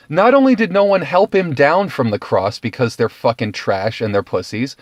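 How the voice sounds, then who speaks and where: A man delivering a profane, digressive, animated monologue as a video blogger. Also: medium pitch, normal speed, hardly any pauses, dry recording. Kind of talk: ranting commentary monologue.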